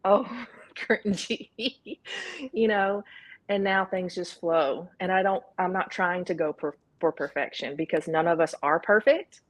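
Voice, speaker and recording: A woman's voice: fairly low pitch, normal speed. Southern woman, candid interview guest. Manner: candid, self-reassuring, quotes her own inner thoughts. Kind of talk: casual interview talk.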